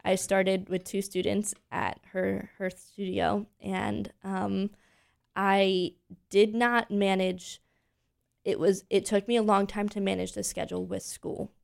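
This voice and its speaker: Chatty young woman with gravelly edge. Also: mid-range voice, slow pace. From Pennsylvania, USA. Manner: chatty, animated storytelling with lots of fillers. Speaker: guest, voice teacher. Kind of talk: casual interview chat.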